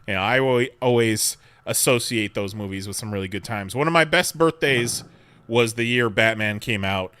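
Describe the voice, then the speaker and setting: A man's voice: fairly low pitch, moderate pace, pushed and bright, smooth, no echo. A man co-hosting a podcast, chatting casually and laid-back, swearing now and then. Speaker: podcast co-host. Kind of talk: casual chat.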